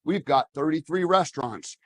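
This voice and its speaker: A man playing an earnest, simple Southern restaurant owner in a promo clip, slow and plain. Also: fairly high pitch, fairly bright tone, dry recording.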